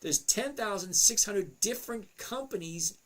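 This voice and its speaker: A man with a high, slightly bright voice hosts a casual livestream at a measured pace, expressive and chatty. He reads out viewers' names and questions, muttering to himself as he looks over charts.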